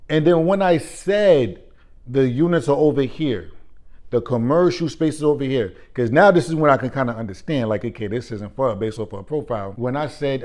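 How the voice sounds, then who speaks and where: A man tells a frustrating workplace story in an exasperated, animated way. His pitch sits in a middle range, and he keeps circling back to disbelieving questions. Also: moderate pace. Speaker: real estate agent. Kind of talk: ranting vlog.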